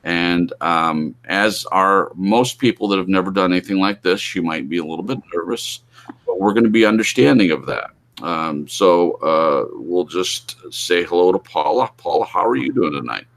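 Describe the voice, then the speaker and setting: A man's voice: low voice, animated, moderate pace, gravelly, fairly bright tone. A man hosting a live online broadcast, talking loosely with many fillers and restarts. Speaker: host. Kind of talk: casual live-stream talk.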